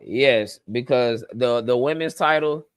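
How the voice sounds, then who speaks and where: A man's voice: medium pitch, measured pace, clear, resonant tone, no room sound. A man co-hosting a podcast, chatting emphatically and agreeing readily. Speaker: podcast co-host. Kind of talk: casual chat.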